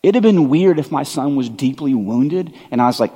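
A man in his thirties preaching a sermon, telling stories in a conversational, animated way with quick asides. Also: mid-range voice, husky. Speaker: pastor. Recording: long hall reverb.

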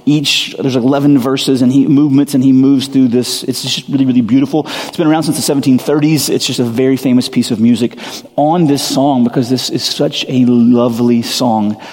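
A man's voice: medium pitch, fairly even intonation, a little fast, darkish tone. A man preaching a sermon with scripture reading, talking in a candid, conversational and self-deprecating way. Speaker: pastor. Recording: long reverb of a large hall.

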